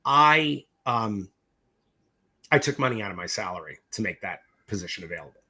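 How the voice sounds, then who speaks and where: A middle-aged man, a film director from the US East Coast, telling stories in a casual interview, animated and profane, acting out both sides of the conversations. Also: on the low side, normal speed, husky.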